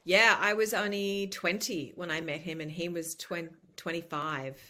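This guest is a fiftysomething woman from Australia whose accent has a faint American lilt. Chatting openly in a relaxed interview, she talks a little slowly in a lowish voice, often restarting her sentences energetically and laughing readily.

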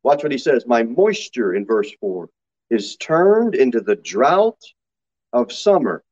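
A man preaches a sermon from the pulpit at a middle pitch, his delivery swinging between low, earnest stretches and sudden high, loud mock quotes. The church recording sounds slightly dull and lo-fi. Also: big pitch swings, a little slow. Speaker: pastor. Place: church sanctuary.

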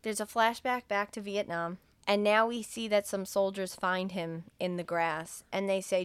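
Animated woman retelling a film. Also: mid-range voice, normal speed, hardly any pauses, a little hiss or hum. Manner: animated retelling, acts out characters' lines, swears and laughs. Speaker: podcast host retelling a film. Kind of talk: casual chat.

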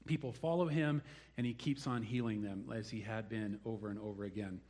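A man's voice: on the low side, steady tone, a little fast, darkish tone. A man preaching a sermon, telling the story with animation and acting out the people he quotes. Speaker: pastor.

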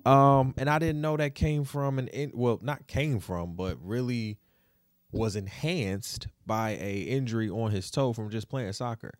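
A man's voice: mid-range voice, unhurried, no room sound, studio quality. A man hosting a casual opinion podcast, talking. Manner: relaxed and conversational, with many fillers and repeats. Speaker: podcast host.

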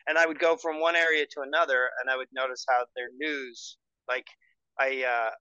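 A man talking as a podcast guest, telling stories in an animated way with laughs. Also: medium pitch, normal speed, smooth, dry recording, muffled recording. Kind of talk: casual chat.

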